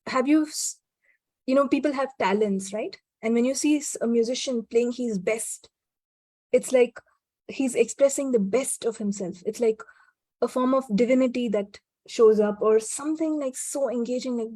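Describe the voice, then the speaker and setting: A woman guest in a casual conversation, speaking reflectively with frequent restarts and soft laughs. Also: fairly high pitch, moderate pace, dry recording.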